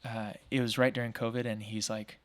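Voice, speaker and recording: A man in his thirties, from Oregon, telling stories as a guest in a casual interview, talkative and energetic, with many fillers like "like" and "um". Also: lowish voice, fairly quick. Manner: energetic, talkative, acts out quoted voices; frequent fillers like "like" and "um". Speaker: podcast guest, small business owner.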